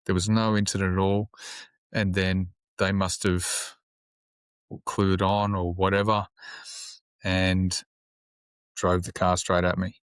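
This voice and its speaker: Cop guy on a podcast, real deep voice, pretty monotone, blunt and swears a lot, dry close mic. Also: takes it slowly, pauses often, clear, resonant tone, no room sound. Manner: plain-spoken, sombre, swears freely. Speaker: police officer guest. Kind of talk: casual interview storytelling.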